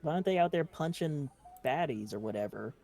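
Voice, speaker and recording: A man's voice: on the high side, expressive, fairly quick, vocal fry, a little mellow, soft background music. Crude joking game player, man. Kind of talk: casual tabletop game chat.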